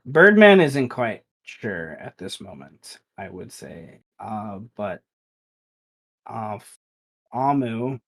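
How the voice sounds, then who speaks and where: A man narrating as game master of a tabletop game, loose and halting with many fillers. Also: fairly low pitch, big pitch swings, fairly bright tone, low-quality recording.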